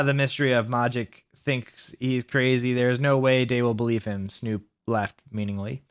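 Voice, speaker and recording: A man's voice: medium pitch, flat delivery, normal speed, hardly any pauses, smooth. A man reading fan fiction aloud in a mock-dramatic way, breaking off to mock the text and comment. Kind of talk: comedic dramatic reading with asides.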